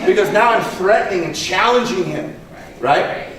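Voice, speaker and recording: A martial arts instructor gives a conversational conference talk with a live demonstration, his voice sitting high at a normal speed. He often checks in with "right?" and repeats himself. The recording is from a distance in an echoey conference hall with background noise.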